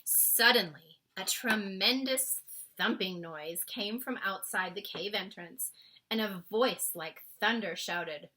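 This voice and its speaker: A woman reading a children's book aloud with expressive storytelling. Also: mid-range voice, measured pace.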